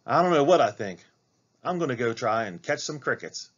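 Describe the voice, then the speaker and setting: A skeptical young boy asks doubtful questions in a raised, boyish voice, as a man puts him on. His pitch rises as he questions. The reading sounds slightly muffled and lo-fi. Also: sing-song, moderate pace.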